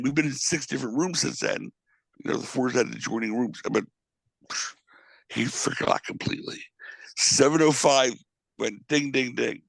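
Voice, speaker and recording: A man, an interview guest and author, telling a lively road anecdote and laughing through it. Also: medium pitch, creaky, no room sound. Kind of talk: animated storytelling.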